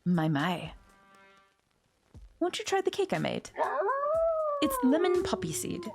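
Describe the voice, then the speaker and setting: A woman's voice: extremely high pitch, huge pitch swings, slow, over music, pitched above the performer's own voice, exaggerated voice. A woman voicing a fussy, dramatic dog housewife with a put-on German accent. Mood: gushing.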